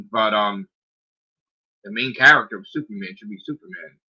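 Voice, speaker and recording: A man's voice: fairly low pitch, expressive, normal speed, husky. A man hosting a podcast, ranting in a casual, exasperated way, full of swearing, repeated rhetorical questions and "like". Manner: exasperated, profane, rhetorical questions, lots of 'like'. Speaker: podcast host. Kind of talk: casual rant. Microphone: streaming microphone. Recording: slightly dull lo-fi sound.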